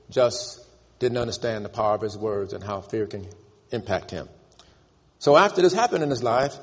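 A man preaching a sermon, emphatic and calling on the congregation to repeat after him, in a church. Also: mid-range voice. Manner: emphatic, calls for congregation responses. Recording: long church reverb.

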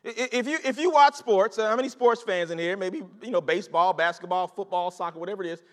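Delivering a sermon at a quick pace in a high-sitting voice, a man addresses his congregation in an animated, conversational style, repeating phrases and calling out to them. A large hall's long reverb fills the recording.

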